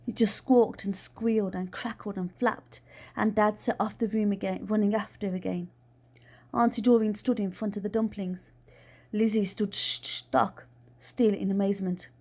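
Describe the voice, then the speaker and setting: A woman reading a children's book aloud in a plain, steady storytelling way. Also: mid-range voice, normal speed. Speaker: reader.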